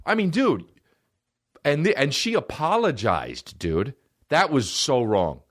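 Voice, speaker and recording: A man hosting a podcast, ranting in a profane, mocking, animated comic way into a close mic. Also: a little high, measured pace, dry recording. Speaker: podcast host. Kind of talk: solo comedic rant.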